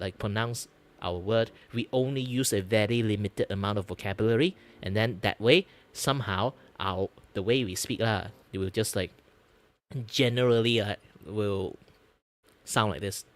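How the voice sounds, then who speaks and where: A man from Malaysia demonstrating a broad, exaggerated Malaysian English accent in a loud, bouncy, chatty way. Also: fairly low pitch, moderate pace, lightly acted. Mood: animated.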